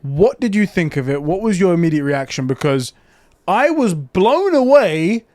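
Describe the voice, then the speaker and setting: A man's voice: high voice, sing-song, moderate pace, warm tone, no room sound. A man co-hosting a gaming podcast, talking enthusiastically in casual slang. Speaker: podcast co-host. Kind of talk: casual chat.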